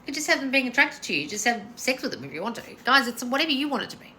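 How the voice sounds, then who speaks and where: This is a middle-aged woman, hosting a casual live Q&A. She talks bluntly and swears freely, calling people darling as she goes. Her voice is bright and forward, and there is faint background noise. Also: high voice, big pitch swings, racing. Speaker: host answering viewer questions on a live stream.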